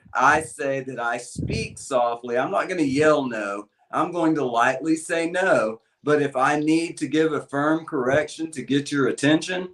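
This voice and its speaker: Man dog trainer, mid-pitched, calm and measured, on a video call. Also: low-quality recording. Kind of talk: casual panel chat.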